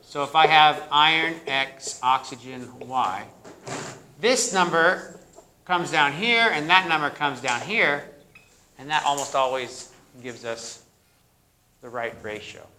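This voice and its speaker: Bright-voiced man lecturing a class. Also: on the high side, takes it slowly, a little hiss or hum. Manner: questions the class and echoes their answers; jokey, plays up corny jokes. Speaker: university biochemistry lecturer. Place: lecture hall.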